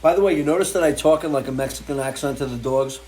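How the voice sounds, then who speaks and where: A man's voice: medium pitch, fast talker, darkish tone, a little hiss or hum. A man hosting a casual live stream from his home porch, crude and joking, chatting to viewers and his dogs. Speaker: host.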